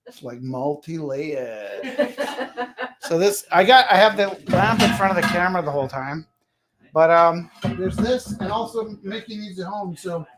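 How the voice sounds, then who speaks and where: A man's voice: high voice, animated, unhurried, over music, low-quality recording. A man hosting a live art auction, chatting casually and joking with frequent laughs.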